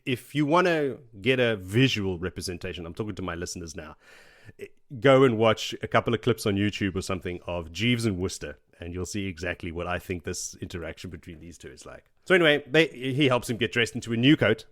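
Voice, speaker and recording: Brisk and expressive, this man's lowish, somewhat bright voice carries a casual chapter-by-chapter recap of a fantasy book on a podcast he hosts. He wanders as he talks, laughing and voicing the characters' lines.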